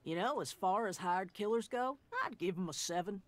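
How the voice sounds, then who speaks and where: A woman's voice: mid-range voice, normal speed, lightly acted. A woman voicing a wry young mercenary in a video game, dry and sardonic.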